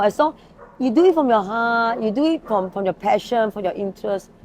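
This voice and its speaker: Malaysian woman, rapid and fairly high, earnest guest sharing stories of rescue work. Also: lively intonation, a little mellow, a little hiss or hum. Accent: Malaysian English. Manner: earnest, storytelling, speaks her mind. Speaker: animal rescue founder, guest. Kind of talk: casual interview chat.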